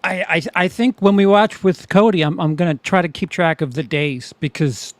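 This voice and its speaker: A high-voiced man chats wryly through a movie, rambling and swearing casually as he comments. His voice sounds dry and close. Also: normal speed, dry recording. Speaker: host of a movie review channel. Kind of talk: casual movie watch-along chat.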